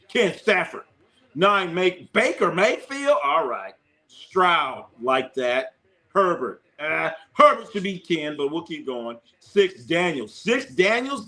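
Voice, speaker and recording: A male sports show host runs a live talk stream, excitable and chatty, riffing on viewer comments and repeating himself for emphasis. His voice sits on the high side.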